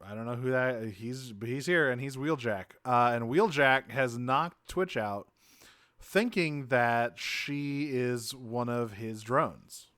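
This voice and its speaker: A man's voice: medium pitch, slow, fairly bright tone, dry recording, clean studio sound. A man co-hosting a podcast, animatedly recapping a cartoon episode with laughs and quoted lines. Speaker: podcast co-host. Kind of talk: casual chat recapping a cartoon.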